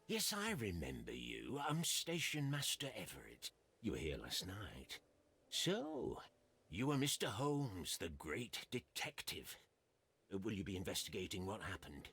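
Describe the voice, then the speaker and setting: An actor playing an elderly, forgetful and obliging station master who talks in a husky, hesitant, stammering way in a video game. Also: male voice, low-pitched, huge pitch swings, measured pace, a bit bright, heavily acted. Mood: courteous. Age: older.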